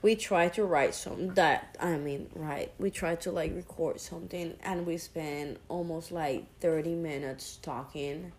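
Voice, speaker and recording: A woman's voice: deep voice, measured pace, hardly any pauses, a little mellow. A woman with a Hispanic accent and a sore throat, co-hosting a casual podcast with her girlfriend, talkative and teasing. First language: Spanish. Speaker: podcast co-host. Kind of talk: casual chat.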